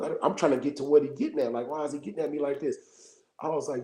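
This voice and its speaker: Brisk, dark-voiced Bay storyteller. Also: male voice, mid-range voice, expressive. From Bay Area, California. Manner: laid-back, keeps checking in with the listener. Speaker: livestream host. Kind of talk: casual storytelling. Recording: echoey room.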